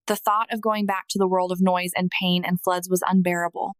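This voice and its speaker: Woman telling her story slow and emotional, earnest, pretty dry recording. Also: fairly low pitch, little pitch movement, no echo. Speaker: narrator. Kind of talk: scripted first-person testimony narration.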